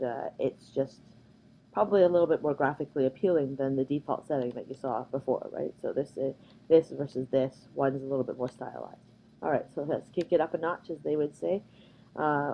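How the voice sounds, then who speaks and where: Low-voiced Canadian woman teaching. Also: dull audio, a little hiss or hum. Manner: conversational, many ums and uhs. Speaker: workshop presenter. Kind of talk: recorded slide lecture.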